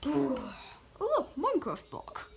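A woman hosting a playful puppet news skit, excitable and bursting into shouts, with faint noise behind. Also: sits high, slow, gravelly, rough recording. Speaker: host of a puppet news video.

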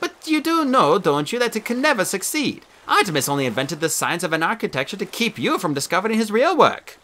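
A man's voice: sits high, very animated, fairly quick, pushed and bright, pitched above the performer's own voice, full character voice. Male reader plays a careful, dutiful AI protector, storybook voice. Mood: doubtful.

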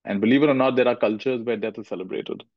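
A man's voice: medium pitch, steady tone, fast, no room sound. A middle-aged man from India, giving a thoughtful spiritual talk as a teacher and repeating phrases for emphasis. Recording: dull lo-fi recording.

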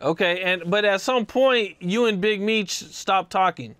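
A man interviewing a guest, asking calm, probing questions. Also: high voice, a little slow, smooth.

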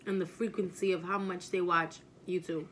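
A young woman hosting a casual eating vlog, chatting to viewers and gently minding her child between bites. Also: fairly low pitch, moderate pace, a little hiss or hum. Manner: relaxed, motherly, chatty while eating. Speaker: mukbang vlogger, mother.

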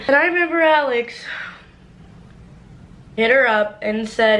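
A woman's voice: sits high, fairly bright tone, a little hiss or hum. Chatty young woman telling a story. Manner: casual, rapid, full of "like" and swearing. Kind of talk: storytime vlog.

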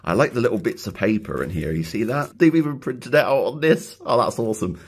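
Man, husky voice, lively pitch, jokey casual unboxing vlog. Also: brisk. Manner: excitable, jokey, laughs often. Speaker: YouTuber unboxing a package. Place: indoors, later outside in his back garden.

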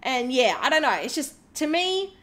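A woman's voice: high voice, very animated, normal speed, a bit bright. A woman hosting a reaction video, talking in a sarcastic, indignant way. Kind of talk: reaction commentary.

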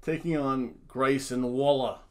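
A man's voice: medium pitch, fairly even intonation, measured pace, a little mellow. A man hosting a casual podcast, talking through his wrestling predictions in a rambling, offhand way and often correcting himself. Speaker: podcast host.

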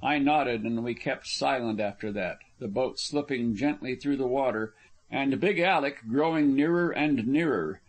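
A man narrating an adventure audiobook in an even, measured reading. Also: medium pitch. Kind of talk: scripted narration.

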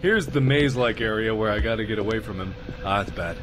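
A man's voice: fairly low pitch, fast talker, over music. A man playing a horror game, breaking into panicked shrieks and nervous laughter. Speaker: gamer. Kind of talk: horror game let's play.

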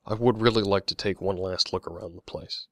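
A man's voice: low-pitched, fairly even intonation, brisk, no room sound, lightly acted. A man voicing an eager young woman who tries to make peace, pleading and upbeat.

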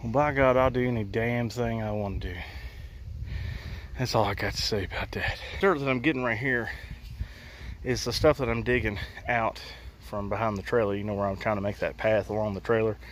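Low-voiced guy rambling about his garden outside, plainspoken, bit of cussing. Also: fairly even intonation, brisk, slight background noise. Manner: folksy and blunt, with mild cussing. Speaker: homesteading vlogger. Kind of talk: casual talk while gardening. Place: outdoors in a backyard garden.

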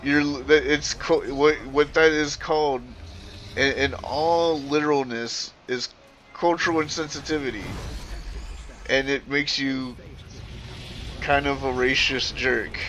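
A man streaming, ranting casually to his chat in an animated, profane, rambling way with frequent self-corrections. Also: medium pitch, takes it slowly, dull audio, a little hiss or hum.

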